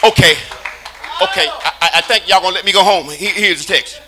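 A man preaching a call-and-response sermon in a church, shouting and singing his phrases. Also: high-pitched, a little fast, crowd noise, background noise. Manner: shouting, sing-song preaching cadence.

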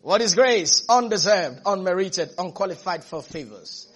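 A man's voice: sits high, animated, normal speed, breathy edge. A man preaching a sermon as pastor, repeating phrases and calling on his congregation. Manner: preaching with rising fervor and repetition, calls to congregation.

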